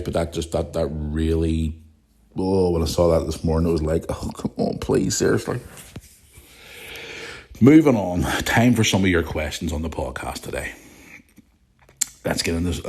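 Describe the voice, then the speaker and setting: A Northern Irish man in his thirties hosting a solo podcast, speaking bluntly, swearing and repeating himself, with a sore throat. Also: low-pitched. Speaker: podcast host. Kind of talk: solo podcast rant and listener questions.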